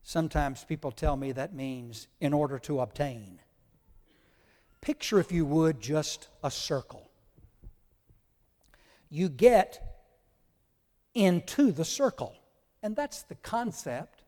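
A man's voice: a little high, lively intonation, slow pace, long pauses, warm tone. A male pastor preaching a sermon, teaching emphatically and spelling out Greek words to his congregation. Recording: long hall reverb.

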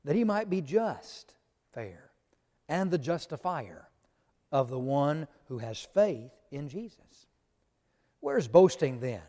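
A man's voice: fairly high pitch, mellow, in a large hall. A man preaching a Bible lesson to a congregation, emphatic and direct, repeating his key points. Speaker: preacher teaching a Bible class. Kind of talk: sermon-style Bible lesson.

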